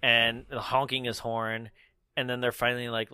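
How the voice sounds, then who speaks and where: Lively man recapping a movie. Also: medium pitch, moderate pace, smooth, no room sound, clean studio sound. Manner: animated, laughs often, acts out characters' lines. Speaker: podcast co-host. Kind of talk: casual movie recap chat.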